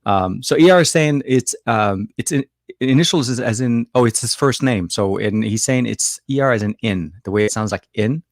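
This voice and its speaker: A man's voice: medium pitch, moderate pace, no room sound, clean studio sound. A man co-hosting a casual tech chat, rambling with many fillers and restarts. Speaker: co-host.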